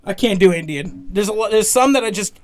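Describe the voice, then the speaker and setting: A man's voice: high-pitched, a little fast. A young man with a Wisconsin accent, co-hosting a casual podcast, rambling and swearing constantly as he jokes around. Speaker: podcast co-host. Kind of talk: casual profane banter.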